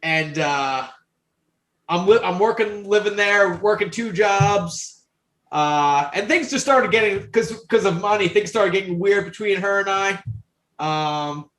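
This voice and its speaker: A fairly high-pitched man in his thirties, from New York, spins a story as a podcast guest. His talk is animated and salty, full of "like" and restarts. The sound is roomy, with a noticeable echo off the studio walls. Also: unhurried. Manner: profane, animated storyteller, many fillers. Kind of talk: casual storytelling chat.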